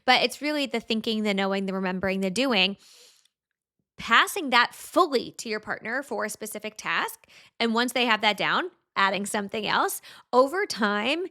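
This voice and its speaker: Bright-voiced woman, earnest podcast guest. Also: medium pitch, lively intonation, moderate pace. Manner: earnest, explanatory, often adds "right?" and "like". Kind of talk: casual podcast conversation.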